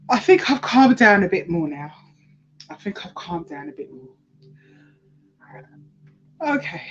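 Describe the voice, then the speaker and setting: A woman's voice: lowish voice, highs cut off, slight background noise. A woman giving a casual tarot reading, emphatic and repeating her phrases, now and then swearing. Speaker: tarot reader.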